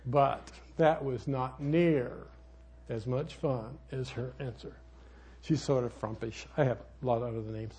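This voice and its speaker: An older man preaching a sermon as a pastor, folksy and rambling, with sudden loud outbursts in his storytelling. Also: mid-range voice, steady tone, unhurried, breathy edge.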